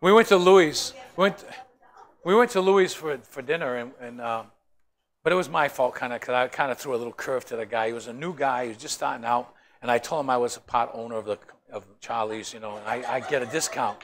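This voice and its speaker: A man's voice: mid-range voice, fairly quick. A man teaching a Bible study in a joking, storytelling way, often asking the group questions.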